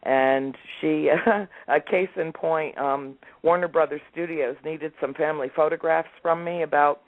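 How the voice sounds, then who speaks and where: A woman's voice: low-pitched, a little slow, no room sound. A woman in her sixties, a guest telling family stories in an interview, acting out what her relatives said. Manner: animated storyteller, acts out family members' lines. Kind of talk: storytelling in a remote interview. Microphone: phone or call line. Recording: tinny, dry phone-line audio.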